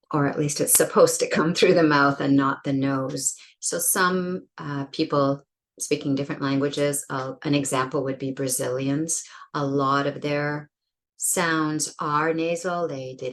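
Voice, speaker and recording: A woman teaching English pronunciation, speaking slowly and deliberately and exaggerating sounds to demonstrate them. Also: extremely low pitch. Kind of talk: explanatory pronunciation lesson.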